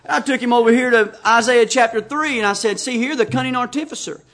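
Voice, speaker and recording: High-pitched emphatic man preaching. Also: fairly even intonation, quick pace, fairly bright tone. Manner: emphatic, reads scripture aloud and tells anecdotes. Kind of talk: sermon.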